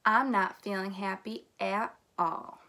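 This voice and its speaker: A woman's voice: a little high, normal speed, fairly bright tone, a little hiss or hum. A woman doing a restless moaning storybook state. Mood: glum. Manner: moaning, then eager. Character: bored restless male state, a gloomy storybook character.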